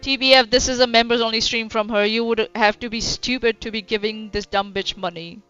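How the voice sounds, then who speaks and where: A woman's voice: fairly high pitch, fairly even intonation, a little fast, a bit bright, clean tone. A woman streaming casual reaction commentary, blunt and sarcastic, swearing freely. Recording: dull lo-fi stream audio with faint music.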